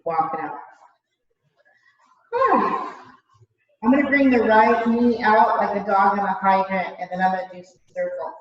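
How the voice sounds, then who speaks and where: A female yoga instructor with a mid-range voice guides a class fairly quickly with few pauses, slightly winded and out of breath. She coaches in a relaxed, chatty way and laughs at herself. The mic is distant, with big studio echo and a dull sound.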